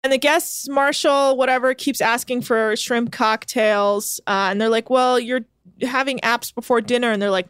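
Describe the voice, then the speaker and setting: A woman's voice: a little high, fairly even intonation, normal speed, fairly bright tone, clean tone, dry recording, clean studio sound. A woman co-hosting a casual podcast chat, recapping with sardonic asides, swearing freely and quoting people offhand. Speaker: podcast co-host recapping a reality show. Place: home.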